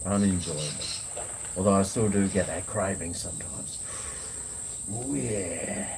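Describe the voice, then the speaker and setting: Low-pitched aussie bloke rambling on his veranda, laid-back, swears a bit. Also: a little slow, creaky, darkish tone, a little hiss or hum. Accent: Australian. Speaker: food vlogger. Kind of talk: casual live chat. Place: outdoors on a home veranda.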